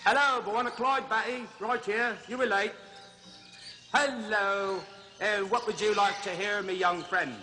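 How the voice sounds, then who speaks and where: A man's voice: sits high, steady tone, a little slow, sharp tone, soft background music. An actor playing a chattering, chuckling male zookeeper who hosts zoo films, a little out of breath, in a TV comedy sketch. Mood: chummy. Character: jolly blustering male zookeeper safari host. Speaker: zoo film host.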